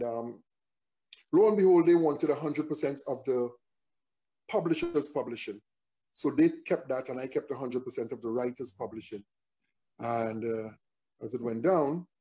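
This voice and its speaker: A man, a songwriter and performer, telling a story in a relaxed conversational interview, often restarting his phrases as he thinks. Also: medium pitch.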